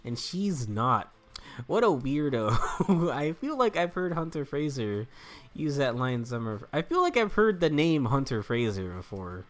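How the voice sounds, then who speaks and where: A man's voice: mid-range voice, big pitch swings, a little slow. A young man giving casual, joking let's-play commentary, rambling and laughing at himself. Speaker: gameplay commentator. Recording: faint game music behind.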